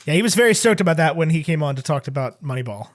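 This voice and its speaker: A man's voice: a little high, lively intonation, very fast. A man co-hosting a podcast, chatting casually with wry, dry humor and eager corrections. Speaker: podcast co-host. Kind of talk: casual chat.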